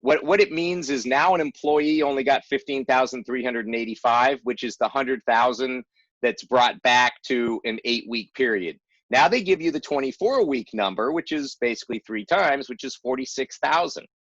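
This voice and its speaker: A man's voice: medium pitch, moderate pace, a bit bright, no echo. A man presenting an explanatory webinar as an advisor, emphatic and rereading key phrases for stress. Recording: dull lo-fi webinar audio, dry.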